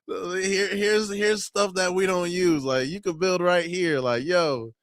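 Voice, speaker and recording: A man's voice: sits high, fairly even intonation, a little slow, no echo, studio quality. A man hosting a sports channel, giving casual, laughing, slang-filled reactions to a news clip.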